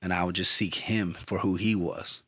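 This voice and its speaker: A man's voice: low voice, normal speed, breathy edge, no echo, clean studio sound. A man talking as an interview guest, telling a personal story in an earnest, reflective way. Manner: earnest, reflective, drifts into lively retelling. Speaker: guest musician. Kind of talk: storytelling conversation.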